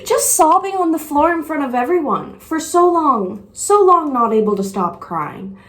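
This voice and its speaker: A woman's voice: high voice, expressive, normal speed, fairly bright tone, a little hiss or hum. Frank woman vlogger in an echoey room. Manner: candid, rambling, frank. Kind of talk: casual talk to camera.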